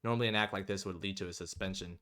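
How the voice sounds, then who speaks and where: A man's voice: low-pitched, fairly even intonation, racing, bright, forceful tone. A man voicing a stern, cold male school headmaster who speaks formally and measuredly.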